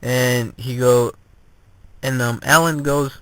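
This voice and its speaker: A man giving a casual spoken movie review, retelling the plot in a rambling, halting way. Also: medium pitch, a bit bright, no echo, low-quality recording.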